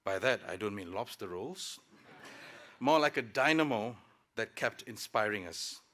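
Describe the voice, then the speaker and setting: His voice is lowish and fairly bright, with lively intonation and an unhurried pace. He's a working professional in his thirties, serving as student speaker at a graduation ceremony, delivering a formal prepared speech at the podium mic with light jokes throughout.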